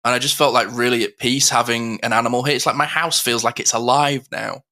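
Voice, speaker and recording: A man's voice: medium pitch, fairly even intonation, brisk, sharp tone. A man co-hosting a podcast, talking heartfelt and rambling with lots of fillers. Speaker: co-host. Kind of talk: casual podcast chat.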